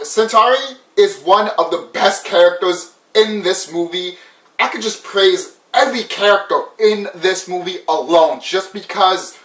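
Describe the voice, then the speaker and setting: A man giving a casual, excitable film review, swearing often and laughing. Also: on the high side. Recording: echoey room, mic at a distance.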